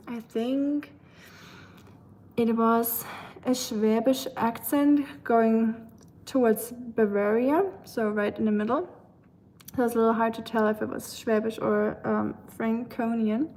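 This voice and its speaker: A woman's voice: fairly high pitch, darkish tone, slight background noise. A woman from Germany with a German accent, casually chatting with viewers while cooking and often laughing as she answers their comments. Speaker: live-stream host. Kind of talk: casual live-stream chat while cooking. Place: home kitchen.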